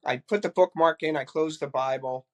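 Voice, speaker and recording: A man's voice: fairly high pitch, moderate pace. An older man, a retired police chief, earnestly recounting personal experiences in a conversation, often repeating words as he goes.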